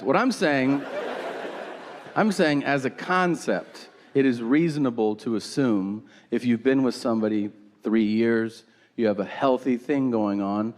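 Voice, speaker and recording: A man doing a stand-up comedy set, telling a story with acted-out dialogue and crude punchlines. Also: medium pitch. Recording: live venue with audience laughter noise. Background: audience laughter.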